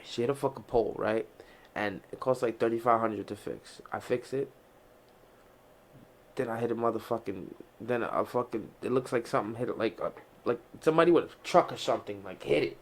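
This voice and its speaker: A young man hosts a casual podcast, telling loose, profane stories with lots of restarts. His mid-range voice runs a little fast.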